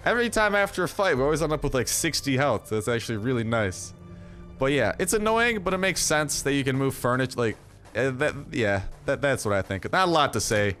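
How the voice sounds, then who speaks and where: A man's voice: mid-range voice, very animated, a little fast, a bit bright, soft background music. A young man giving casual, rambling commentary over his gameplay, full of fillers and jokes. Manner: rambling, filler-heavy, jokey. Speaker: gaming YouTuber.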